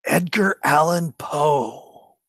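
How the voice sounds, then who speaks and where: A co-host reading out multiple-choice answers with jokey, drawn-out delivery. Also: mid-range voice, a bit bright, no room sound, studio quality. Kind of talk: jokey banter.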